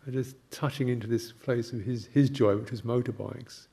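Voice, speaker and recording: An older man, a Buddhist monk, giving a gentle, halting reflective talk with anecdotes and soft laughs. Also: mid-range voice, fairly even intonation, creaky, slightly rough.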